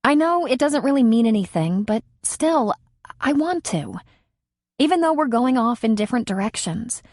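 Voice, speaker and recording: A woman's voice: fairly high pitch, sing-song, moderate pace, darkish tone, no echo, clean studio sound, pitched above the performer's own voice. A woman voicing an eager, wistful young woman in love in an audiobook.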